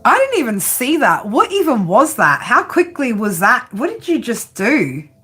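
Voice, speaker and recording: A woman's voice: a little high, wildly swooping pitch, moderate pace, pushed and bright, faint music behind. A woman hosting a casual live-stream tarot reading, chatty and giggly, often ending her lines with "right?".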